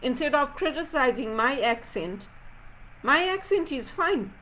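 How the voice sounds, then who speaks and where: A woman from Zimbabwe with a fairly high voice speaks in an impassioned, aggrieved reflection. She keeps pressing rhetorical questions one after another, her tone pointed and insistent. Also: lively intonation, measured pace, bright, forceful tone, slight background noise, low-quality recording. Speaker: video blogger.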